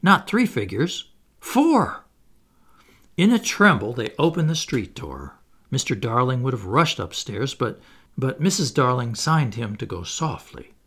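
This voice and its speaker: A man reading a children's story aloud as narrator, in an expressive, playful way. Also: medium pitch, normal speed, slightly rough. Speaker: audiobook reader.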